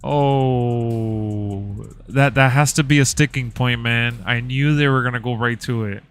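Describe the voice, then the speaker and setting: A man hosting a live watch-party stream, reacting to the show with excitable, slangy commentary. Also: medium pitch, takes it slowly, smooth, soft background music. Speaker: livestream reaction host.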